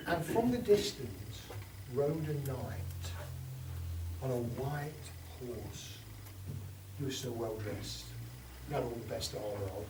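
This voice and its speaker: A man's voice: medium pitch, animated, unhurried, pauses often. An English man telling a folk tale to listeners, dramatic, dropping into whispers and rising for effect. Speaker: storyteller. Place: storytelling event. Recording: roomy sound from far off with background noise.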